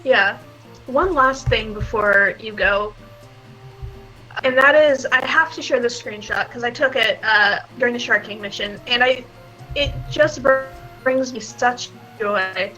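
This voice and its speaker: A woman chatting on a livestream in a bright, forward voice. She sits a little high in pitch and keeps a lively, teasing manner. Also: a little slow, lo-fi sound, faint music behind. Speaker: livestream co-host. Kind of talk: casual livestream chat.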